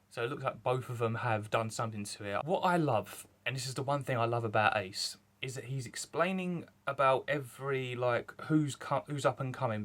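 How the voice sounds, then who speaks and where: A young man, reviewing a manga chapter in rambling, excited casual chat. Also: medium pitch. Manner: rambling, excited, lots of fillers.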